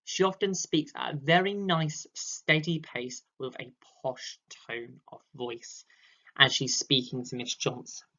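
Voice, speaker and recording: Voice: mid-range voice, flat delivery, unhurried, pushed and bright. A drama teacher, giving a recorded online lesson and acting out vocal examples as they explain. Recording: dull lo-fi sound.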